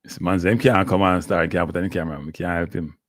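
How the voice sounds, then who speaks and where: A man with a Jamaican accent hosting a casual live stream, teasing and animated, often repeating himself. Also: low-pitched, fast, no room sound, clean studio sound. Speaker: show host.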